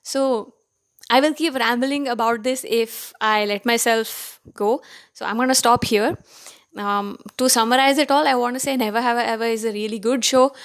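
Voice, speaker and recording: A woman's voice: fairly high pitch, steady tone, normal speed. A woman from India with an Indian accent, giving chatty, opinionated commentary for her video channel. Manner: chatty and opinionated, with many fillers. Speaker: vlogger.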